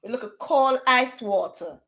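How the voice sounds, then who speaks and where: A middle-aged woman chatting casually on her livestream, animated and drifting into patois. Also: on the high side, measured pace. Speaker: livestream host. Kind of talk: casual chat. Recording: echoey room.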